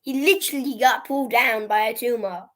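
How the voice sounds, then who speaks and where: A woman's voice: fairly high pitch, brisk. A woman casually recapping a movie on a livestream, chatty and laughing often as she acts out the characters' lines. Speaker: movie reviewer.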